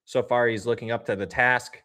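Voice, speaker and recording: A man in the middle of a casual live game watch-along, chatting to his viewers between plays. His delivery is upbeat and loose, and he jumps up loudly when something happens on the ice. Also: medium pitch, steady tone, fairly quick. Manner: talks straight to chat viewers. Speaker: livestream host.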